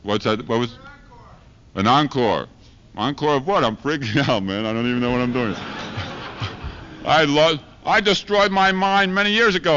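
A man's voice: mid-range voice, a bit bright, a little hiss or hum. A man doing a rambling, profane stand-up monologue with rhyming chants, recorded live at a university. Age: 1970s live archive recording. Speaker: street preacher comedian. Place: university lecture hall audience. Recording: dull lo-fi 1970s live recording.

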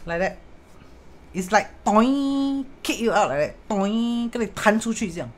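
Singaporean lady on a livestream, chatty, mid-pitch voice, talks feng shui, greets viewers, mixes in hokkien and mandarin. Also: animated, normal speed, a little hiss or hum. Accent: Singaporean English. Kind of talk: casual live-stream talk.

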